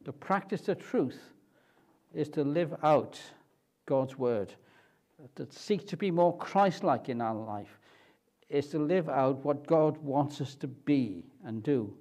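A man preaching a sermon at a church, asking and answering questions slowly and deliberately. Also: on the high side, expressive, darkish tone.

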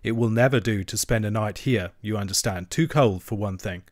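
A man's voice: fairly low pitch, dry recording, clean studio sound, lightly acted. A man voicing a good-natured, brave male water rat who talks soothingly in a storybook reading. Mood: brisk. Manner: soothing, brisk and reassuring.

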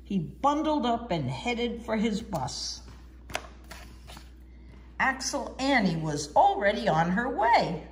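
A woman reading a children's storybook aloud in an expressive, sing-song way. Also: on the high side, takes it slowly, pauses often, slight background noise. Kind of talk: children's book read-aloud.

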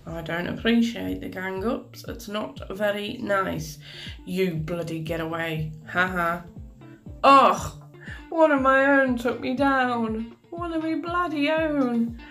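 A woman does live commentary over a game she's playing, chatty and exasperated, with plenty of mild swearing. Her voice is on the high side and slow, with faint music in the background.

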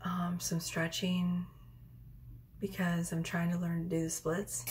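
Woman, casual vlog chat, hesitant fillers, unhurried, slightly low voice. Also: monotone, darkish tone, slight background noise. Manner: rambling, hesitant, many fillers. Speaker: tarot reader.

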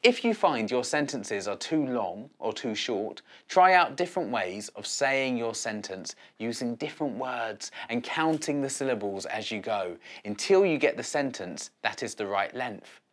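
A middle-aged man teaching children how to write poems in a bright, expressive storytelling manner. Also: mid-range voice. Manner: expressive, drawn-out storytelling delivery. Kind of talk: lesson video for children.

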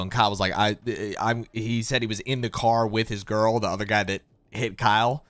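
A man's voice: fairly low pitch, a little fast, hardly any pauses, no room sound. A young man in casual chat, telling a story with lots of acted-out quotes. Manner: animated storyteller, acts out quoted people. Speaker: podcast co-host. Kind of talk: casual storytelling among friends.

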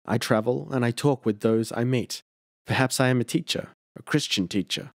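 A man voicing a calm, brave Roman Christian traveller who speaks in a calm, earnest way. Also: medium pitch, normal speed, gravelly, dry recording, studio quality, lightly acted. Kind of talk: audiobook character reading.

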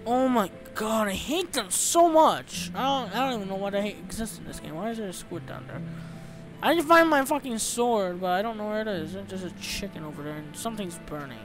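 A young man yelling through game commentary. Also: high voice, brisk, over music. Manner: excitable, swears, yells when startled. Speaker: let's play host. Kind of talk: Minecraft gameplay commentary.

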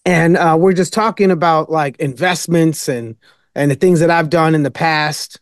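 A man's voice: fairly high pitch, moderate pace, no room sound, clean studio sound. A man speaking as a podcast guest, rambling and emphatic in casual storytelling. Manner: rambling, many fillers and restarts, emphatic.

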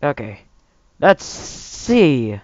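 Young gamer yelling over a noisy recording. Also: male voice, mid-range voice, sing-song, very slow, lo-fi sound. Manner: shouting, laughing, swinging from mutters to yells. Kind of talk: let's play commentary.

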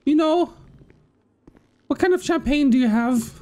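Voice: sits high, unhurried, dark tone. A roleplayer voicing a posh, easily shocked British mother who gasps and fusses in a street-crime game. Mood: fussy. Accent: put-on British. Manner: fussy, exclaims and gasps often.

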